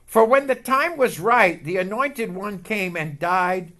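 A man preaching a sermon and telling a personal story, emotional and building to loud outbursts. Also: high-pitched, animated, a little slow. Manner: emotional, building to shouts, leads call-and-response. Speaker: pastor. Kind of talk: sermon with testimony.

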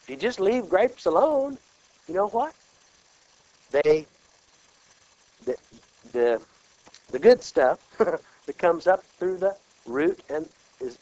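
A man's voice: high voice, slow pace, long pauses, no echo, dull audio. A man from Kansas preaching a sermon, often checking in with his listeners through rhetorical questions. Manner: animated, peppered with rhetorical check-ins.

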